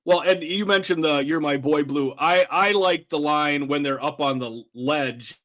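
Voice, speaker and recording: A man with a slightly high voice hosts a casual podcast chat about a film, talking enthusiastically and acting out favourite lines. He sounds relaxed and conversational. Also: a little slow. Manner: enthusiastic, quotes movie lines. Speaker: podcast host.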